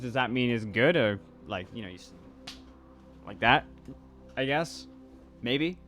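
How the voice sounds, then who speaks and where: A fairly bright, medium-pitched male voice keeps a measured pace and pauses often, set against soft background music. The twentysomething YouTuber and voice actor, whose accent is part British and part American, casually rambles through viewer comments, reading them aloud and restarting his sentences.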